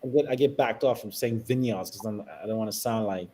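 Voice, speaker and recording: A man from South Africa, a guest on a travel talk show, telling animated stories and laughing often. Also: fairly low pitch, a little fast, poor audio. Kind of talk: casual travel chat.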